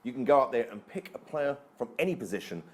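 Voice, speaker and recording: Fast, lively male panel host. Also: medium pitch. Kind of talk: panel discussion.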